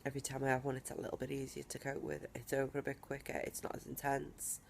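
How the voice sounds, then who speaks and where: A woman talking straight to camera from home in a personal video diary, emphatic and defiant, with deliberate pauses. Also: a bass voice, monotone, creaky, a little hiss or hum. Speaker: vlogger.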